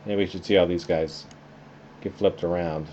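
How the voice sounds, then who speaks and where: A man teaching a class through a software tutorial, talking casually and thinking aloud as he works. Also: low voice, normal speed. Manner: relaxed, conversational, thinking aloud while clicking. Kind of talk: screen-recorded software tutorial. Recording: slightly dull lo-fi sound with faint noise.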